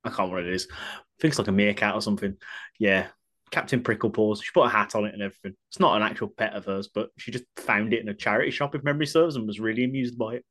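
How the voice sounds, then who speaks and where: A man co-hosts a podcast, talking quickly in relaxed chat. His manner is wry and chatty as he runs through everyday stories. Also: lowish voice. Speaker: podcast co-host. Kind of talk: casual chat.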